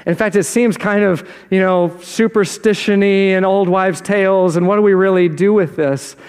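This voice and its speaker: A man with a high, light voice preaches to his church in a loose, conversational way, tossing out rhetorical questions to the room. His words ring out with a long reverb trailing behind them. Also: steady tone, moderate pace, a little mellow, smooth. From South Jersey. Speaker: pastor. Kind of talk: sermon. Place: church sanctuary.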